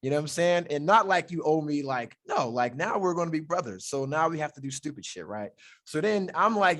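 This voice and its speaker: A man's voice: fairly high pitch, lively intonation, a little fast, a bit bright. Loose, profane male storyteller. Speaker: podcast host. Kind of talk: casual chat.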